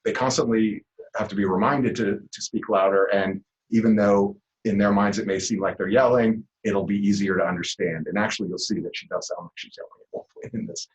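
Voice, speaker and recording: Man, lecturer, lower voice, casual classroom talk, frequent fillers. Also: brisk, muffled recording. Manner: relaxed explaining with many fillers.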